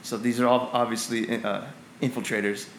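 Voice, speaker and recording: A man's voice: mid-range voice, little pitch movement, moderate pace, a bit bright, reverberant, slight background noise, lightly acted, rough recording. A man voicing an older male advisor who sternly urges harsh judgment. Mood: hostile. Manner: stern, urging.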